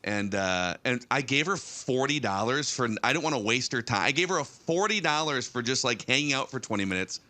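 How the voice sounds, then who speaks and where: A man's voice: mid-range voice, expressive, a little fast, hardly any pauses, sharp tone. A man in his thirties, a guest telling a rambling story on a talk show with many restarts. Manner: rambling, with frequent restarts and fillers.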